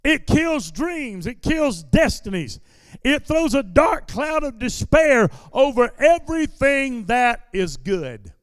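High-voiced man preaching a sermon. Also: sing-song, slow pace, clear, resonant tone, dry recording, studio quality, long reverb tail. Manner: repetitive preaching cadence that builds into shouted declarations. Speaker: pastor. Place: church sanctuary during a service.

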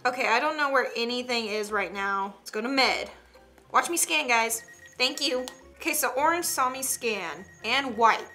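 A young woman, commenting on an online game in a chatty, excitable way with gasps and giggles. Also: on the high side, moderate pace, soft background music. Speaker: gaming streamer. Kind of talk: casual gameplay commentary.

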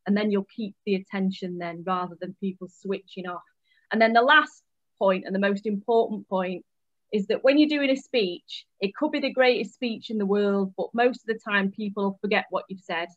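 A woman's voice: mid-range voice, normal speed, dry recording, muffled recording. A woman, a member of parliament, chatting casually and self-deprecatingly about public speaking over a video call. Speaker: MP and panel guest.

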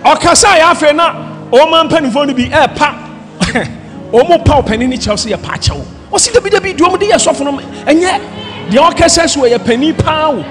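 A man from Ghana, a pastor, preaching a fiery sermon with shouted, impassioned delivery over loud music and a crowd. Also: very high-pitched, expressive, normal speed.

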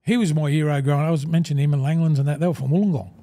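An older Australian man spins long, rambling yarns in a mellow, dark-toned voice pitched a little above the usual for a man. He keeps throwing in "mate" and slips into the voices of the people in his stories. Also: steady tone, very fast. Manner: rambling, calls the host 'mate' constantly, acts out old conversations. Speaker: guest, former rugby league front rower. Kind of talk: casual storytelling interview.

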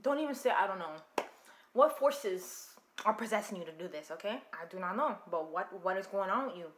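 A young woman casually reacting to an anime, talking back to the screen in an expressive way. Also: mid-range voice, fairly quick, reverberant, background noise. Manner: expressive, talks back to the screen, shrieks and laughs.

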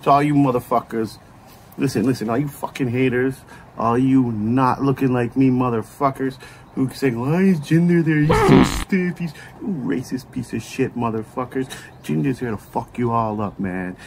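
A man's voice: medium pitch, steady tone, moderate pace. Profane ranting man, noisy recording. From Canada. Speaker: YouTube reaction host. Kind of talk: profane fan reaction rant.

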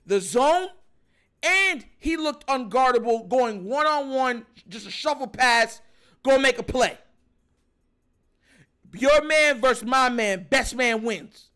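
A man hosting a sports show, ranting in animated, filler-heavy commentary about his team. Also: very high voice. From Jamaican family.

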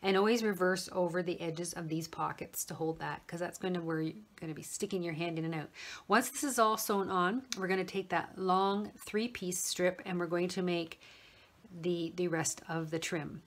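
A woman's voice: lowish voice, moderate pace. Woman talking through a sewing tutorial. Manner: relaxed, talks while working with hands. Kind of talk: step-by-step craft tutorial.

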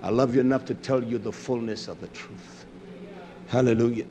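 A man preaching a sermon, swinging from fiery shouting down to low muttered asides. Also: fairly even intonation, moderate pace, a little hiss or hum.

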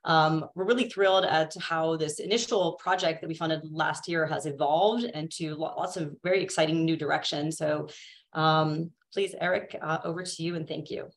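Woman, webinar moderator, lowish voice, friendly and loose delivery. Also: fairly even intonation, moderate pace. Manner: friendly, with fillers, introducing speakers.

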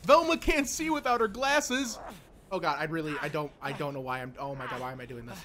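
Panicky high-voiced swearing gamer guy. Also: brisk, noisy background. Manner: panicky, swearing, pleading with the game. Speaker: let's play gamer. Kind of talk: horror game commentary.

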